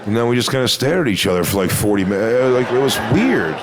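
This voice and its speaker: A man doing a stand-up set, telling a crude story in a deadpan way and mocking other people with put-on voices. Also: medium pitch, fast talker, crowd noise. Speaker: stand-up comedian.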